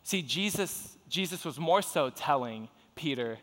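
Casting note: upbeat male pastor, slightly high voice, conversational and funny, in a big echoing church hall. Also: measured pace, few pauses. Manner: joking, animated, talks to the congregation. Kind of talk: lively conversational sermon. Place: large church hall with audience. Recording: long reverb of a large hall.

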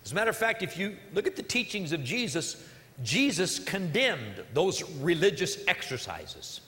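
Male pastor, sermon, earnest and emphatic, high voice, long hall reverb. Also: sing-song, normal speed, sharp tone. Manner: earnest, emphatic preaching with repeated phrases. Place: church service.

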